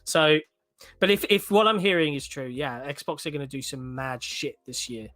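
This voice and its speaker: Animated British man on a live call. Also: on the high side, normal speed, a loud crowd. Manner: animated, cryptic, swears casually. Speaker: guest commentator. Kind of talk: casual panel chat.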